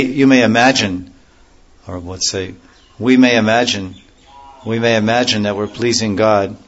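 Low-voiced man giving a devotional lecture. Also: muffled recording, a little hiss or hum. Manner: measured, explanatory, with repetitions and restarts. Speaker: religious teacher.

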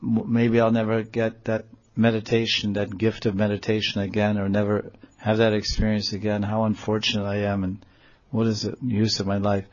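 A grieving old sage mourns his lost meditation in a low, plain voice, as a male storyteller puts him on. He laments and reproaches himself. The recording is dull and lo-fi. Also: completely flat delivery, moderate pace, darkish tone, lightly acted. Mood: lamenting.

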